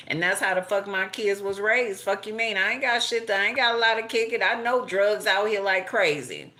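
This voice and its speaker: A middle-aged woman giving a casual tarot and astrology reading, blunt and profane, animated and laughing often. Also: mid-range voice, brisk, few pauses. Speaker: tarot reader.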